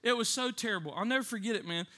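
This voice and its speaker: High, bright-voiced animated preacher man. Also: rapid-fire. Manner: animated, laughs often, acts out voices. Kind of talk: sermon with comic storytelling.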